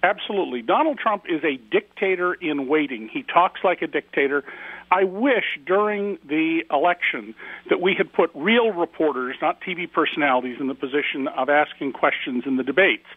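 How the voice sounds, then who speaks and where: A man's voice: a little high, moderate pace, breathy edge, no room sound. A man, a guest author giving emphatic, indignant commentary in a radio interview over a phone line.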